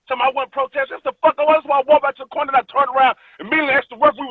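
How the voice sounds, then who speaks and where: A man's voice: very high voice, flat delivery, rapid-fire, hardly any pauses, dry recording. A man who is a boxer, arguing angrily and profanely as a call-in guest, insisting on his point. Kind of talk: heated call-in argument. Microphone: phone call. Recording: tinny phone line.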